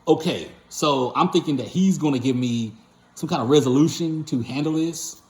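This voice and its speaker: A man's voice: on the high side, normal speed. A man who runs a patient transport company, casually telling a story to his viewers in a rambling way, full of fillers and self-corrections. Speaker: owner of a patient transport company, channel host. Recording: roomy echo.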